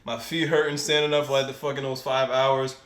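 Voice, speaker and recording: A young man co-hosting a podcast, telling a profane story in a casual, animated way and laughing often. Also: medium pitch, fairly quick. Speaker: podcast co-host. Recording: echoey room.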